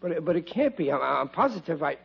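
A man's voice: a little high, sing-song, fast talker, gravelly, slightly rough, heavily acted. An actor playing a blustering, bumbling working-class father in a 1940s radio comedy, stammering when flustered, on a lo-fi old broadcast.

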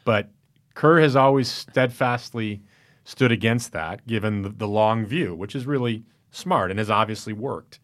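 Deep-voiced man in measured sports talk. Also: fairly bright tone. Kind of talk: casual sports discussion.

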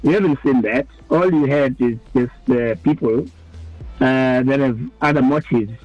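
A man's voice: medium pitch, measured pace, a little mellow, no echo, soft background music. A man from South Africa, a stadium official on a radio interview, speaking hesitantly with many fillers. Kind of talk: on-air phone interview. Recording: dull lo-fi phone-in line.

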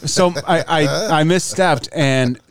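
A man's voice: fairly high pitch, slow pace. A man co-hosting a podcast in casual chat, laid-back, swearing casually and restarting his sentences. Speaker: podcast co-host.

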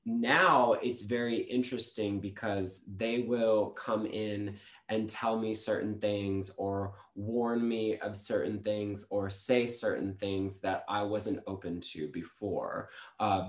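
A man who is a guest on a podcast, telling spiritual stories in a halting way with many restarts. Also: on the low side, fairly even intonation, echoey room. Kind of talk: casual spiritual storytelling.

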